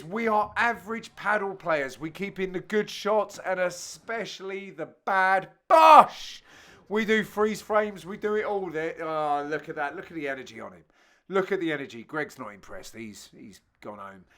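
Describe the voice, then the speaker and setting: Man, jokey match commentary, high voice, bright tone, self-mocking. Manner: jokey, self-mocking, bursts of loud exclamations. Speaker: host and commentator. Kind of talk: comic commentary over match highlights.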